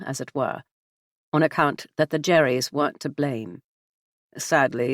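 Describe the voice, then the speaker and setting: A stiff, wry elderly spymaster speaks in clipped, formal sentences with dry understatement, as a woman narrator puts him on. The voice sits low. The audiobook recording is dry and close, with no room sound. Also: dry recording. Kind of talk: audiobook character voice.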